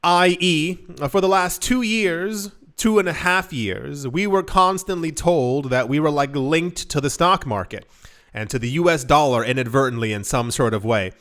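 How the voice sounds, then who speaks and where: A man's voice: a little high, moderate pace, fairly bright tone. A young man hosting a crypto news show, talking in a loose, rambling way with many asides and self-corrections. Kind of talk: casual news commentary.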